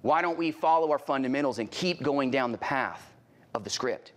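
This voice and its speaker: This is a middle-aged man leading a live sales training at normal speed in a mid-range voice. He's animated and punchy, repeating himself, posing rhetorical questions, and breaking into loud exclamations when acting out little scenes.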